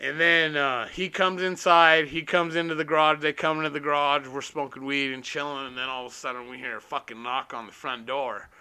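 Young guy, slightly high voice, crisp and bright; loose, profane, rambling party-story delivery. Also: level tone, brisk, hardly any pauses. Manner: swears constantly, rambling, laughs at his own story.

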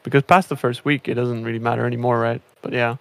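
A man's voice: mid-range voice, flat delivery, fast, gravelly, a bit bright, dry recording. Casual male gamer, rambles with fillers, dry close sound. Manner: rambling, many fillers and restarts. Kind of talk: casual gaming chat.

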